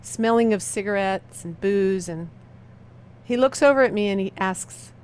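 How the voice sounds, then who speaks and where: A woman in her fifties giving a motivational talk as a personal testimony, speaking slowly with heavy dramatic pauses and a quiet, intense delivery. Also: medium pitch, clear, resonant tone.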